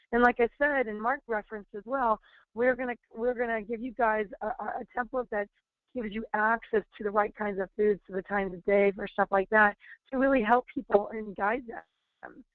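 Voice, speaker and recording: A woman's voice: on the high side, steady tone, normal speed, no room sound. Chatty woman on a tinny phone line. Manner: chatty storyteller, many fillers and restarts. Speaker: wellness trainer. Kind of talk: webinar talk with anecdotes.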